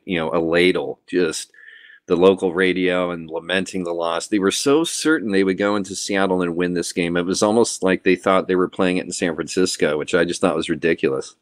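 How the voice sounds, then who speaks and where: Very deep-voiced man, halting speech. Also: no room sound, clean studio sound. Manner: halting, full of fillers. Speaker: podcast guest. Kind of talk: casual chat.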